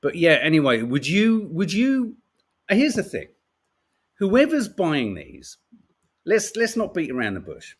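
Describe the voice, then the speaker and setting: A middle-aged man with a British accent talks through the day's papers in a loose, chatty way. His voice sits a little high and swings all over the place, rising and dropping with each joke. He is wry and swears freely. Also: wildly swooping pitch, measured pace, slightly rough. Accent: British English. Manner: chatty, wry, swears casually, laughs at stories. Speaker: podcast host reading the papers. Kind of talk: casual chat.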